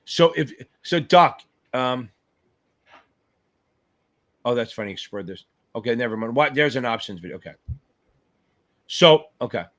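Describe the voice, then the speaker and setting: A man hosting a live exam-prep Q&A stream, chatting casually, swearing freely, hyping up viewers and thinking aloud as he reads comments. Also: mid-range voice. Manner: animated, profane, hypes up viewers; scattered, thinks aloud while reading comments. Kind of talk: casual livestream chat.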